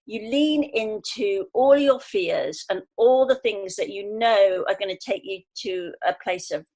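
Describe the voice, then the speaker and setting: A woman in her fifties from England, a podcast guest telling an animated story and acting out the voices she quotes. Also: mid-range voice, measured pace. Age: 50s. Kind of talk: conversational podcast interview.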